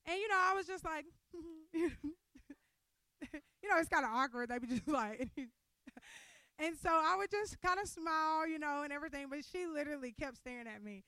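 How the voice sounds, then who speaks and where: A young woman giving an animated, conversational sermon to a women's gathering. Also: high voice, moderate pace, no echo. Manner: animated, conversational preaching with laughter. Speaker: speaker at a women's church event.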